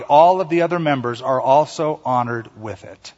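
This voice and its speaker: A man's voice: mid-range voice, normal speed, few pauses. A man preaching a sermon as pastor, acting out quoted voices and leading the congregation in repeating lines. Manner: animated preaching, acts out quotes and calls for congregation response. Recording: dull sound with long hall reverb.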